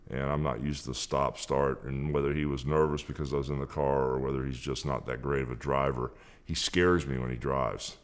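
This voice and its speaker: A man speaking candidly in a documentary interview, in a measured way. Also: very deep voice, steady tone.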